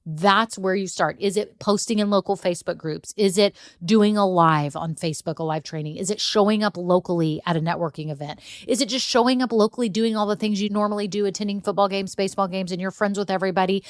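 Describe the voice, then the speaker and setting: A woman's voice: fairly low pitch, no echo. Brief: middle-aged woman podcast host, direct and encouraging business-coach delivery, close and dry mic. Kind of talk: solo coaching podcast talk.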